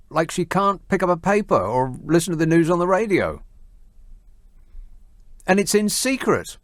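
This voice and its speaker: A man's voice: a little high, dry recording. A man hosting a late-night radio phone-in, dry and teasing as he takes calls. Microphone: studio mic.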